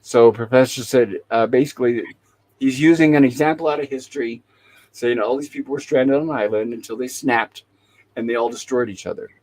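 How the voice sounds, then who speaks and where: Over poor audio, a man with a medium-pitched, slightly mellow voice recounts TV episode scenes at a fairly quick pace. As host of a talk show podcast, he casually quotes what the characters said.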